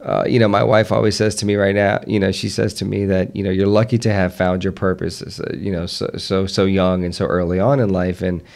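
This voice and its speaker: Gravelly-voiced earnest man, faint Southern accent. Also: low-pitched, little pitch movement, a little fast, few pauses, darkish tone. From Southern United States. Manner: earnest, many restarts. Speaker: podcast guest. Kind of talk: casual conversation.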